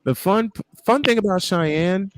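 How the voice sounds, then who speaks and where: A man's voice: high voice, unhurried, no echo. A man on a podcast hangout, telling family stories in casual chat and acting out the quotes. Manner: animated storyteller who acts out quotes. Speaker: podcast panelist.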